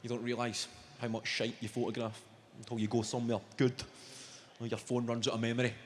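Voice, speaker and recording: A man with a Scottish accent doing a sweary, animated stand-up routine full of mock voices. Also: mid-range voice, fairly quick. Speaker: stand-up comedian. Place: comedy venue with live audience. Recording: roomy live venue with loud audience noise.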